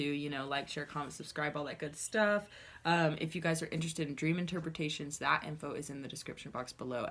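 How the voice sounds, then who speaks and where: A woman's voice: deep voice, fairly bright tone. A woman giving a casual tarot reading to camera, blunt and chatty, swearing freely with lots of asides to her viewers. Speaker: tarot reader.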